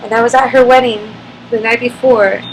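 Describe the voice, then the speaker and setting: Emotional woman with a gravelly voice. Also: on the high side, fairly even intonation, moderate pace, a little hiss or hum, low-quality recording. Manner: emotional, candid, frequent fillers. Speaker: vlogger. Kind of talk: personal storytelling to camera.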